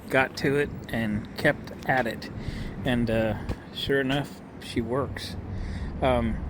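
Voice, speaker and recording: A middle-aged man talking casually and folksily to viewers about his small electric car, recorded outdoors. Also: mid-range voice. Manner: folksy, rambling, addresses viewers as boys and girls. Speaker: vlogger showing his electric utility car. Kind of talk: casual vlog talk. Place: outdoors, at a restaurant lot and by a barn. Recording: outdoor noise behind the voice.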